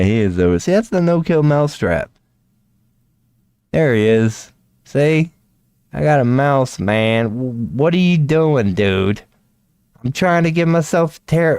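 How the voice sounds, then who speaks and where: Chatting alone on a casual stream from a small home room, a man curses, laughs, and talks to a mouse. His voice sits at medium pitch, a little mellow, with no echo.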